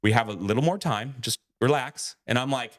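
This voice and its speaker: A man's voice: mid-range voice, a little fast. A man co-hosting a podcast, telling a story in a casual way, acting out quoted lines and swearing freely. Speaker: podcast co-host.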